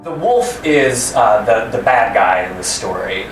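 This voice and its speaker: A man's voice: fairly low pitch, expressive, a little slow. A male actor explaining to children, in a friendly way, how he plays each character. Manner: friendly, explanatory, with some hesitant fillers. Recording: roomy hall from a distance, faint music.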